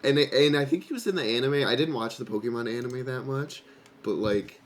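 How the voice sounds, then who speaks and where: A man's voice: mid-range voice, brisk, a little hiss or hum. A man in his twenties co-hosting a casual podcast chat with friends, opinionated and playful in short clipped remarks. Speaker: podcast co-host.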